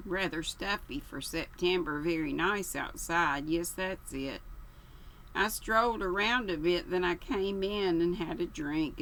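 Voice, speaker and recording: A woman's voice: lowish voice, a bit bright, slight background noise, low-quality recording. A woman voicing a dim, vague young Englishman who rambles and halts as he talks.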